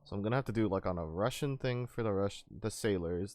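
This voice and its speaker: A man's voice: on the low side, fast, few pauses, a little mellow, no room sound, clean studio sound. A man casually commenting while streaming a video game, chatty and reactive.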